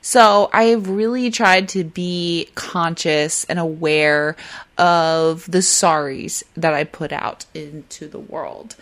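Fast-talking woman hosting a solo podcast. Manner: fast, excitable talker who slows herself down; mimics flustered apologies in a high voice. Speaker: podcast host. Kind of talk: casual solo podcast talk.

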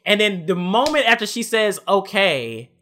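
A man's voice: high-pitched, normal speed, slight background noise. A man in casual chat, retelling an anime plot with lots of slang and acting out the characters' lines. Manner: animated storytelling, acts out characters' lines, profane slang. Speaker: podcast co-host recapping an anime.

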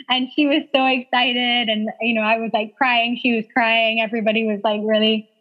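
A woman in her thirties with a fairly high voice tells her story in a chatty, rambling way, full of "like" fillers and frequent laughter. The recording sounds dull and lo-fi. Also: little pitch movement, brisk. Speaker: guest sharing her birth story. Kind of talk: casual storytelling.

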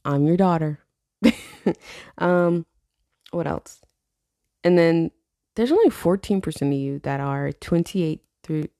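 A woman in her late twenties hosts her own solo podcast, chatting loosely, swearing plenty and laughing often. Her voice is low and dark with vocal fry, captured in a clean, dry studio recording.

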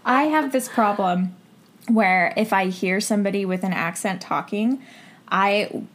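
A woman's voice: mid-range voice, unhurried. A woman co-hosting a podcast in casual chat, talkative and laughing often with self-conscious asides. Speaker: podcast co-host.

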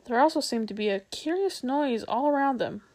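A woman reading a children's novel aloud, expressive and unhurried, with small slips now and then. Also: high-pitched. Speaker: storyteller.

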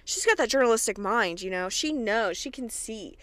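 A woman's voice: on the high side, normal speed, no room sound. Host chatty, cursing young woman from Kentucky, dry sound. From Kentucky, USA. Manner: chatty, profane, excitable retelling. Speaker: podcast host. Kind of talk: casual TV episode recap.

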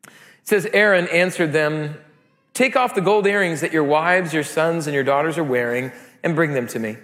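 A male pastor in his thirties preaching a sermon in a high, bright voice. He tells stories with animated energy and loud excited peaks. His voice rings with the long reverb of a large church hall. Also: moderate pace.

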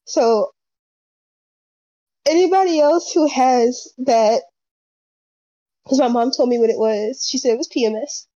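Animated young woman, mellow voice. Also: sits high, no echo. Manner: animated storyteller, acts out quotes. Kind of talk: casual chat. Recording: dull lo-fi sound.

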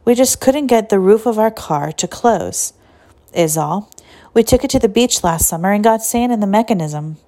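A woman's voice: mid-range voice, lively intonation, moderate pace, warm tone, close to an everyday voice. A woman voicing a blunt, contrary young girl. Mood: know-it-all. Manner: matter-of-fact, contrary.

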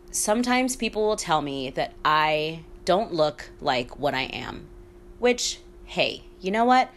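Low-voiced woman half-whispering a chatty podcast. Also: a little hiss or hum. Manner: candid, chatty, swears freely, laughs often. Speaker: podcast host. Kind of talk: casual solo podcast monologue.

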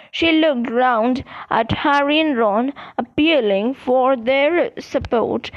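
A woman narrates an audiobook in a high, steady voice, taking her time over each sentence. The recording sounds dull and lo-fi. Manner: steady, measured storytelling.

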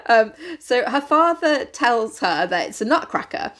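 Laughing woman, lively pitch. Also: measured pace. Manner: laughing, sweary, mock-dramatic voices for characters. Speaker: podcast co-host retelling a story. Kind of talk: casual comedic retelling.

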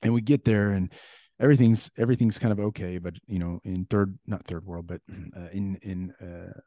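A man with a low, dark voice tells a long story from his security work in a loose, conversational way. He rambles a little, fills gaps with "uh" and restarts, and swears freely. The sound is dry and close, with no room around it. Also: fairly even intonation, brisk, no room sound. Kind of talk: casual storytelling.

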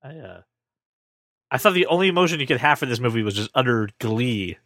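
A man hosting a casual pop-culture chat, animated and joking at his own expense. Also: medium pitch, a little fast, dry recording, studio quality. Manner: animated, joking, self-deprecating. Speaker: podcast host.

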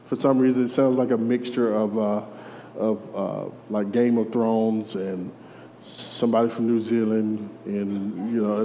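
A man preaching a lively sermon, calling out to the congregation through a microphone. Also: lowish voice, unhurried, a little hiss or hum. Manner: energetic call-and-response preaching. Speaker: pastor. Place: church hall. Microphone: handheld or stage mic. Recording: dull audio in a reverberant hall.

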